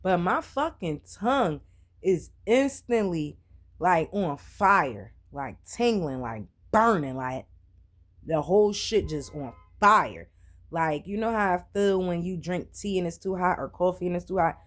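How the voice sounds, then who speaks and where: A mother telling her own story in casual vlog style, blunt and animated, swearing freely. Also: on the low side, measured pace.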